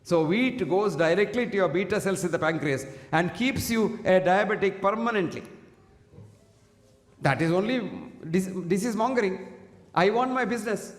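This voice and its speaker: Indian-accented man, high voice, health lecture, preachy, echoey hall. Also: moderate pace. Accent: Indian English. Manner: preachy, quotes Sanskrit verses. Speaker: health speaker. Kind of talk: motivational health talk. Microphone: single handheld or stand mic.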